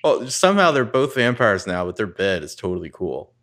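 Low-voiced man griping sarcastically. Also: very animated, brisk, fairly bright tone. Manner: complaining, sarcastic. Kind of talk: casual chat.

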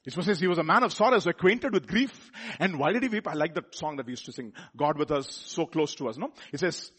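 A man preaching a sermon, swinging from loud exclamations to soft asides and putting questions to his listeners. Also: fairly high pitch, expressive, fairly quick, breathy edge.

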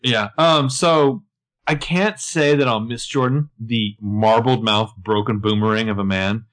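A man's voice: on the low side, steady tone, measured pace, a bit bright. A man co-hosting a casual show recap, enthusiastic and sarcastic with profane asides. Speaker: podcast co-host.

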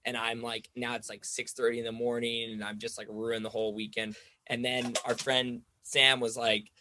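A man's voice: mid-range voice, level tone, moderate pace, pushed and bright. A young man telling a long story in casual chat, rambling with lots of "like" and acting out the voices of the people in it. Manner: rambling, says "like" constantly, acts out quoted voices.

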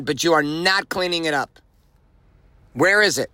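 A man's voice: on the high side, a little slow, pushed and bright, no room sound. A man hosting a motivational podcast from his car while driving, talking bluntly and emphatically, swearing freely and repeating phrases for punch. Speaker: podcast host. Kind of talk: profane motivational monologue. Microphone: recorded while driving.

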